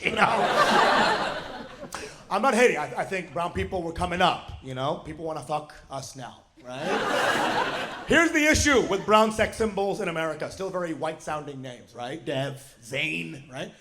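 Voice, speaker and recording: A man doing a stand-up set on a club stage, brash and punchy, shouting his punchlines into a handheld mic. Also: sits high, expressive, moderate pace, heavy background noise. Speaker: stand-up comedian. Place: comedy club stage with laughing audience. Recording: loud audience laughter over the voice.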